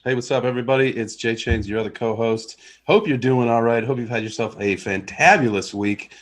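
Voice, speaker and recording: A man co-hosting a casual podcast, easygoing and friendly, reading plugs in a relaxed way. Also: mid-range voice, brisk. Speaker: podcast co-host.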